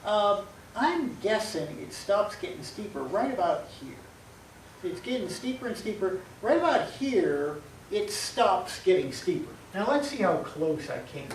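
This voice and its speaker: A man teaching calculus with plenty of playful energy, acting out small scenes and catching his own slips as he goes. He sounds a few steps back from the mic, in an echoey room with a faint steady hum behind him. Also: high voice, measured pace, distant mic. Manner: lively, acts out little scenes, self-correcting. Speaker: math teacher. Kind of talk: calculus lecture at a board.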